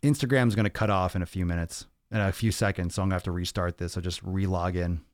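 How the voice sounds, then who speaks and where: Deep-voiced man hosting a casual livestream. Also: fairly even intonation, fast, no echo, studio quality. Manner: loose and profane, jokey, reads comments aloud. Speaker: podcast host.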